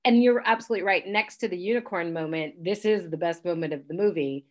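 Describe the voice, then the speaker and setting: A woman's voice: lowish voice, fast talker, a little mellow. A woman co-hosting a casual movie podcast, chatty and easygoing, often laughing. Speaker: podcast co-host.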